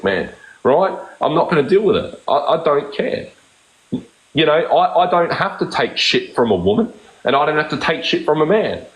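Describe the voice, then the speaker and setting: A man on a live stream, talking bluntly and cursing at every turn, circling back over the same points. His voice sits at an ordinary middle pitch. The room around him rings with echo. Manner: blunt, swears constantly, repeats himself. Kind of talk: heated casual chat.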